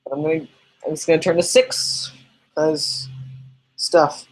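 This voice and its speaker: A man with a slightly raised pitch hosts a loose, unscripted livestream podcast. He rambles in a chatty way and answers viewers' questions as they come in, over a faint background hiss. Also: fairly even intonation, a little slow, rough recording. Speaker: podcast host reading live chat. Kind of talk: casual livestream chat.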